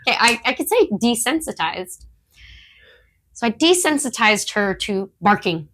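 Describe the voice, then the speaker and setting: Speaking at an unhurried pace, a disc dog trainer co-hosting a podcast shares training stories in a relaxed, chatty way, laughing frequently. She voices her dog's thoughts in quotes. Her voice is a little high, sing-song, and fairly bright.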